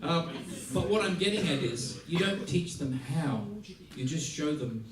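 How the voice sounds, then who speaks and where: A man from Australia giving a music masterclass, playful and lively, acting out little scenes as he teaches. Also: on the high side, measured pace, a crowd in the background. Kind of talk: masterclass talk. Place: large theater hall. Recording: roomy hall from a distance. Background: audience laughter.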